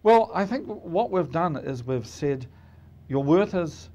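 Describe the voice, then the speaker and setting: A middle-aged man with a New Zealand accent giving measured, emphatic political commentary in a studio discussion, often restarting phrases. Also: on the high side, animated, warm tone.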